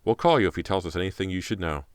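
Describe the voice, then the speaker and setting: A concerned police officer, played by a deep-voiced male narrator, giving firm, urgent reports. The voice is very low, and it is recorded dry and close. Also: animated, racing, clean tone, no room sound.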